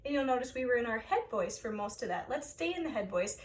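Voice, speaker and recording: A woman choir director guiding singers through breathing and vocal warm-up exercises, encouraging them step by step. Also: a little high, lively intonation, quick pace, far from the mic, slight background noise.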